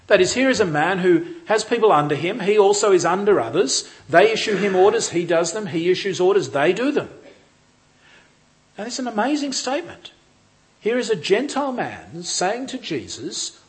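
Male Bible lecturer, slightly high-pitched, measured and explanatory. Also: sing-song. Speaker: Bible teacher. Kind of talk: lecture on a Gospel passage.

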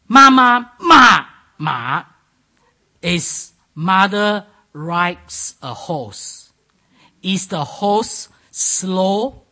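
Male preacher, middle-aged, slow measured delivery, bright slightly husky tone, sermon. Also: fairly high pitch. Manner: slow, emphatic preaching with non-native grammar. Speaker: pastor.

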